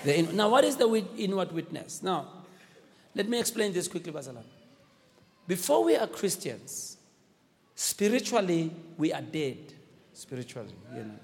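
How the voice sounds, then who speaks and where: Animated high-voiced preacher. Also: male voice, moderate pace, creaky, long pauses. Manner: exhorting, call-and-response with the congregation. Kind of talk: sermon. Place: church. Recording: echoey church hall.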